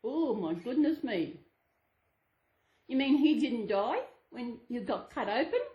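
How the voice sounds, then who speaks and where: A woman's voice: on the high side, big pitch swings, slow pace, highs cut off. A woman channel host reading a children's storybook aloud to her dolls, sing-song with chatty asides. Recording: echoey room.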